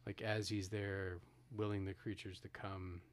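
A man's voice: sits low, little pitch movement, unhurried. A man co-hosting a podcast, retelling a movie's ending in casual talk with many restarts and acted-out quotes. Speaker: podcast co-host. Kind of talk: casual film discussion.

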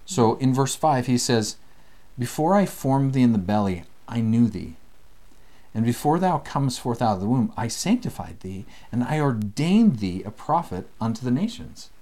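A man leading a casual scripture study lesson, animated and acting out the voices he quotes. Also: medium pitch, moderate pace.

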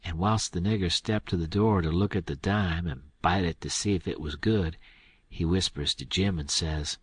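A man's voice: low voice, normal speed, slightly rough, dry recording. A man reading an audiobook aloud in first person, with an easygoing, folksy storytelling drawl. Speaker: audiobook narrator.

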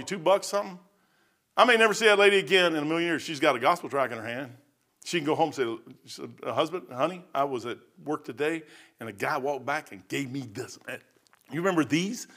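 A man's voice: on the high side, a bit bright. A middle-aged man preaching a sermon in a church, with a folksy, conversational manner, repeating phrases and often saying "man". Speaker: pastor.

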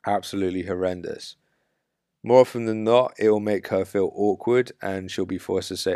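A man with a low, gravelly voice delivers blunt dating advice at an unhurried pace. He speaks assertively and with emphasis, like a coach. The sound is dry and close, with no room echo. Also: fairly even intonation, dark tone. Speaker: dating coach podcast host. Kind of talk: podcast monologue giving dating advice.

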